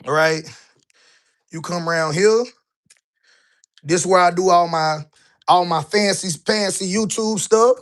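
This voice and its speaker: A man's voice: sits high, unhurried, long pauses. A man strolls through a house, filming himself on a handheld phone for a live stream. His talk is loose and conversational, and he keeps checking in with the viewers as he goes. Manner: loose, chatty, keeps asking "right?". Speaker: online business coach. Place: indoors in a house, walking room to room.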